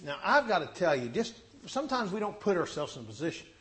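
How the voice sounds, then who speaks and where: A man's voice: high voice, fast. A man preaching a sermon, telling Bible stories and acting out the quotes. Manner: animated, acts out scripture quotes.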